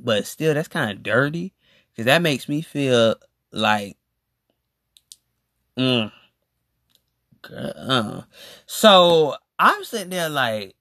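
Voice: no echo, studio quality. A podcast host giving a casual, emphatic rant to listeners, swooping up and down for emphasis. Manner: animated, emphatic, swooping up and down in pitch.

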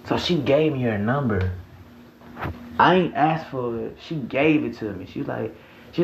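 A young man from Mississippi with a Southern accent, telling a profane, animated story in a casual storytime vlog. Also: medium pitch, unhurried, gravelly, pauses often. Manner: profane, animated, laughing, repeats himself. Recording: echoey room, dull audio, faint hiss.

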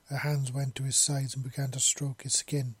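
Husky man reading a story. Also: medium pitch, normal speed. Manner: steady reading with small slips and restarts. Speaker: narrator. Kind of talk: amateur fiction reading.

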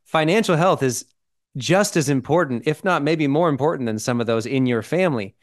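A man's voice: fairly high pitch, expressive, fairly quick. A man co-hosting a podcast, explaining ideas in casual chat and checking in with "right?" and "okay?". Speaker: podcast co-host.

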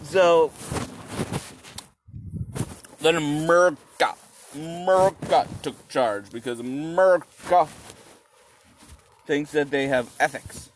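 A man telling history as a rambling, profane comic monologue, acting out quoted voices with sudden high shouts. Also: takes it slowly, long pauses, a little hiss or hum.

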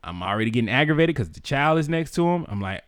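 A man's voice: medium pitch, sing-song, fast talker, dry recording, clean studio sound. A man telling a story on a podcast in casual slang, laughing often and acting out the people he quotes.

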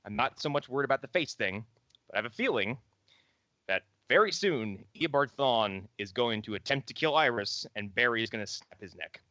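A man in casual podcast chat with a bright, forceful tone. His voice sits dry and close to the mic. He jumps into animated quotes of characters as he riffs. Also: mid-range voice, fairly quick, dry recording, dull audio. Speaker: podcast co-host.

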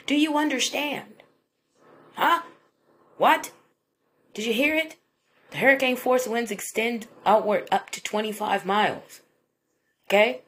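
A woman's voice: a little high, unhurried, pauses often, a bit bright, slight background noise. A woman hosting a podcast, reading the news aloud and reacting in a profane, incredulous, mock-paranoid comedic rant. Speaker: podcast host.

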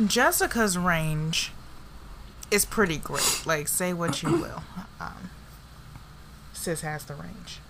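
A woman's voice: on the low side, sing-song, takes it slowly, creaky, pauses often, very noisy. A woman co-hosting a casual chat, talkative and breaking into bits of song. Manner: chatty, breaks into snippets of song.

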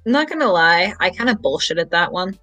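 A man's voice: sits high, expressive, bright, forceful tone, faint music behind, low-quality recording. Male podcast host, casual, rambles and stammers. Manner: rambling, stammering, quick to laugh. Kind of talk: casual chat.

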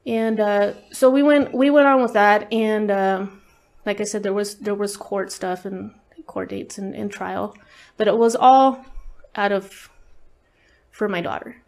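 A woman's voice: mid-range voice, fairly even intonation, unhurried, a little mellow. A woman speaking as an interview guest, telling a personal story in a casual, candid way, swearing often and leaning on fillers. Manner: candid, profane, lots of fillers.

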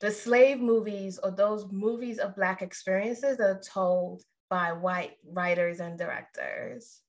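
A woman's voice: mid-range voice, unhurried. A woman co-hosting a podcast in casual chat, meandering and chatty, with asides to the listeners. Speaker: podcast co-host.

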